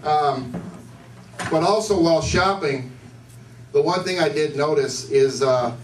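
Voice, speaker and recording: Rambling stand-up comedian, echoey bar room. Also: male voice, a little high, a little slow. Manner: loose, rambling conversational delivery, asks the crowd questions. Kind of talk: stand-up set. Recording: echoey room, distant mic, faint noise.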